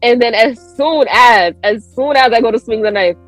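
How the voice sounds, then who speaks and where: A woman's voice: normal speed, soft background music, rough recording. A woman guest on a podcast telling a story in casual chat, acting out quoted lines with big jumps in her voice. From United States. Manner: animated, acts out quotes with big pitch jumps.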